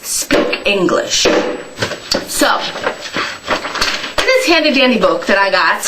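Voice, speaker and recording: A woman's voice: fairly high pitch, very animated, a little slow. A woman ranting on her vlog, sarcastic and mocking, swearing freely. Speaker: vlogger. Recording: distant mic with background noise.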